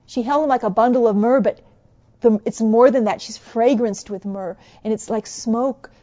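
Mellow woman preaching, soft to fervent. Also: fairly high pitch, normal speed, dull audio. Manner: soft and musing, swelling to fervent exhortation. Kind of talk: sermon.

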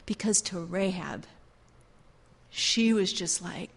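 A woman's voice: medium pitch, normal speed, fairly bright tone. A woman teaching a Bible class in a fervent, repetitive preaching style. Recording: long hall reverb.

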